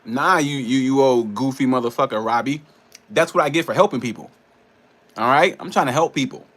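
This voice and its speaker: Bright-voiced man ranting profanely. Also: medium pitch, a little fast. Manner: frustrated, profane, rambling rant with laughs. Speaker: personal trainer and nutrition coach. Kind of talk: casual ranting vlog.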